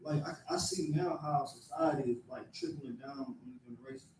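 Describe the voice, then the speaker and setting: A man in a class, reading scripture aloud slowly and commenting in halting speech. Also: fairly high pitch, darkish tone. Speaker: student. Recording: echoey room from far off, faint noise.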